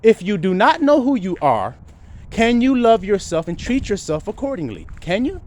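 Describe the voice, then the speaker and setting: Very animated and speaking at a normal speed, a man delivers an informal sermon packed with rhetorical questions. He moves from low muttering to loud, emphatic outbursts and swears now and then.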